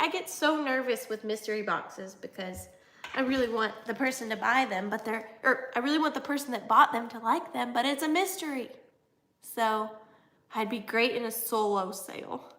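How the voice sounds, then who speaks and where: A woman, hosting a casual livestream and chatting excitedly with viewers, often jumping between topics. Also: on the high side, roomy sound. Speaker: antique reseller hosting a livestream. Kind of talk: casual live chat with viewers.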